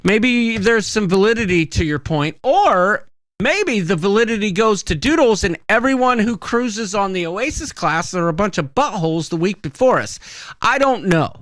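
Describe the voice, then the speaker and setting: A man's voice: sits high, expressive, moderate pace, fairly bright tone, no room sound. A man hosting a casual podcast, telling rambling stories with many fillers. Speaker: podcast host. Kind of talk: casual chat.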